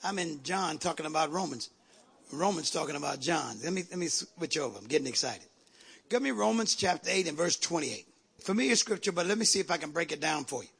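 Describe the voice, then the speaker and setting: A man preaching a sermon in a church, calling out to the congregation and rising to shouts. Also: a little high, expressive, fairly quick, creaky, slightly rough. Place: church sanctuary.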